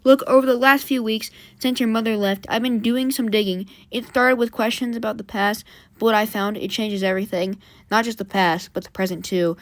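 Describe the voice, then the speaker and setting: Woman voicing an older male police chief, worried and halting, dry close sound. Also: a little high, fairly even intonation, no room sound, close to an everyday voice.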